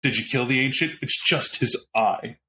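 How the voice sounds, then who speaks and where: Guy on a game podcast, bright sharp voice, keeps restarting his sentences, faint background hiss. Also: medium pitch, moderate pace. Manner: animated, with frequent restarts and asides. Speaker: podcast panelist. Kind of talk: casual roundtable chat about a tabletop game.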